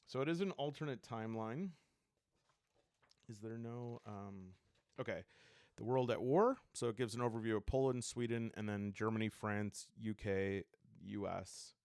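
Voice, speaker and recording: A man's voice: fairly low pitch, normal speed, darkish tone, smooth, no echo, studio quality. A man casually flipping through and reviewing a tabletop game book, rambling and thinking aloud with enthusiasm.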